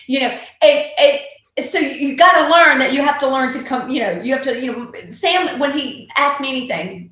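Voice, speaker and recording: A woman chats as an interview guest, her voice a touch high. She tells her stories animatedly, with many ums and restarts. The recording sounds strongly echoey, as if in a bare room. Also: animated, moderate pace, a bit bright. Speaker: guest, author and actor. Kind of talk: casual interview chat.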